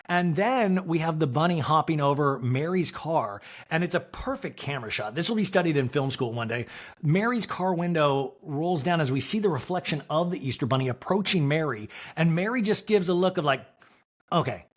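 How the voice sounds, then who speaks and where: A man from Kansas hosting a podcast, recapping a reality TV episode in casual, animated talk and acting out the cast members' lines in mock voices. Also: fairly high pitch, a little fast. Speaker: podcast host.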